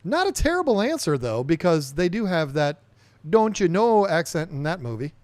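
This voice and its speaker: Guy hosting a livestream, kinda high voice, rambly, reads chat out loud, dry close sound. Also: big pitch swings, a little fast, no echo. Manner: rambling, reads viewer chat aloud and chats back. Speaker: livestream podcast host.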